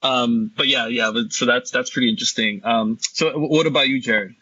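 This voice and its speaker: A man with a bright but husky voice keeps a panel moving. He affirms each point casually before tossing out the next question. The audio is dull and lo-fi. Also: medium pitch, fairly even intonation, brisk. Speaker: panel moderator. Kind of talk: candid panel discussion.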